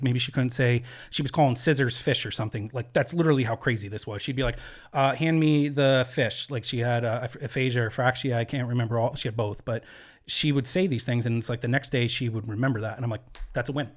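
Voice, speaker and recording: Man, podcast guest, rapid earnest storytelling, mid pitch, lots of fillers and restarts. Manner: earnest, speaks in quick bursts with many fillers and restarts. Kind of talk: candid conversational storytelling. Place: podcast studio.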